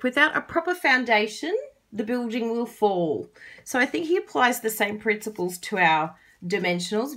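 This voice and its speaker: A woman's voice: mid-range voice, fairly bright tone. A woman with an Australian accent giving a chatty, casual card-making tutorial, laughing often.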